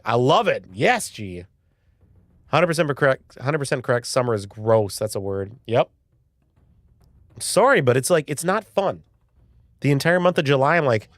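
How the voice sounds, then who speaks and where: A man's voice: medium pitch, very animated, normal speed, long pauses, dry recording. A man in his early forties hosting a live stream, chatting casually and rambling, reading viewers' messages and swearing now and then. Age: early 40s. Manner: rambling, chatty, swears, reads chat aloud.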